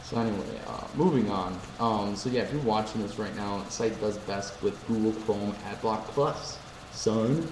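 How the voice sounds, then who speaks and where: A man's voice: fairly low pitch, normal speed. A man hosting a live stream, chatting casually with viewers, joking and reading chat messages aloud. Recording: echoey room with faint ambient noise.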